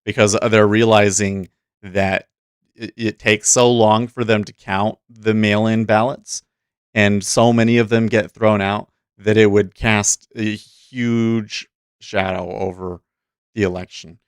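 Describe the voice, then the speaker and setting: A man's voice: lowish voice, little pitch movement, unhurried, smooth, no echo. A man hosting a casual livestream, talking in a rambling, chatty way with frequent restarts, into a close desk mic. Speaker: host.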